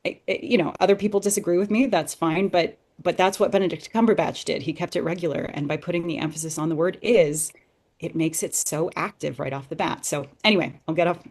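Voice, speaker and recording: A woman's voice: on the low side, quick pace, darkish tone. A woman talking as a podcast guest, thinking aloud in an earnest, enthusiastic way as she analyses a text. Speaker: podcast guest discussing Shakespeare. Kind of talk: conversational analysis.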